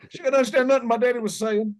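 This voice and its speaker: A man's voice: extremely high pitch, fairly even intonation, fast talker. A middle-aged man with a Southern accent, telling folksy, joking stories as an interview guest. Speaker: musician guest. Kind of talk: casual interview chat.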